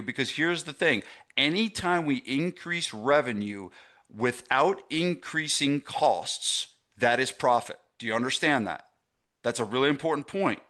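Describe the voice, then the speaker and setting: A middle-aged gym business coach with a medium-pitched, fairly bright voice teaches a live online masterclass for gym owners. He stresses key points and checks in with his audience.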